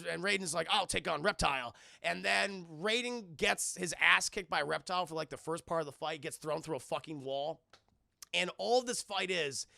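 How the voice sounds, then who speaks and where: A man streaming a live film review, recapping scenes sarcastically for his chat with swearing and quick mock impressions of the characters. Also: high-pitched, vocal fry, no room sound, clean studio sound. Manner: sarcastic, animated retelling with profanity.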